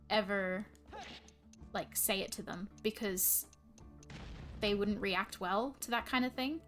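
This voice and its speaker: A young adult woman streaming live, chatting casually in a rambling way full of fillers and restarts. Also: mid-range voice. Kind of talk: casual chat. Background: faint music.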